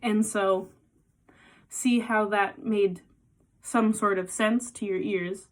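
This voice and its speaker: Slow, patient woman teaching songwriting. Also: medium pitch, steady tone. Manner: slow, patient explaining, counting beats aloud. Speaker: music teacher. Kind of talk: casual songwriting lesson with guitar. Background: guitar playing.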